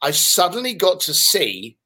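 Recounting stories as an interview guest, this London man in his fifties has a London English accent and a voice that sits high, a little slow and slightly rough. He stays animated throughout, swearing and laughing as he talks.

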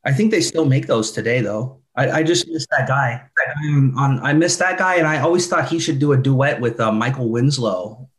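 A man's voice: medium pitch, lively intonation, moderate pace, few pauses. A man in his forties co-hosting a podcast, chatting casually and goofing around with silly voices. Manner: laid-back, goofy, acts out silly voices. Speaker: podcast co-host. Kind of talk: casual nostalgic chat.

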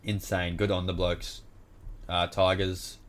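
A deep-voiced man with an Australian accent runs through results in a casual rant. He is blunt and exasperated and swears constantly. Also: level tone, slow pace. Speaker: podcast host.

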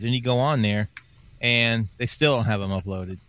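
A man's voice: fairly low pitch, moderate pace, a bit bright. A man in a casual group chat, grumbling in an exasperated way about a company.

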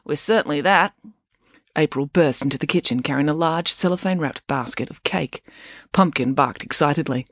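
A woman narrating a children's story with expressive, animated delivery. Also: sits low, a little fast, breathy edge, no echo, clean studio sound. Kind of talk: audiobook narration.

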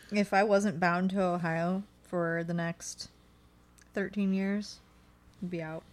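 A woman's voice: fairly low pitch, fairly even intonation, slow, pauses often. Young woman podcast co-host; sarcastic, blunt, swears a lot; casual chat.

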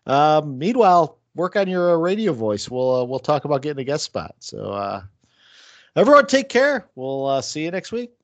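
A man's voice: fairly high pitch, moderate pace, dry recording, muffled recording. A man hosting a casual sports podcast, joking with his co-hosts. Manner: joking, animated sign-off. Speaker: podcast host.

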